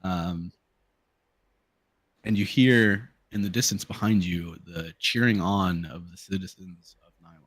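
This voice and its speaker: A man narrating a tabletop game as game master, casual and halting with fillers. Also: sits low, fairly even intonation, dry recording.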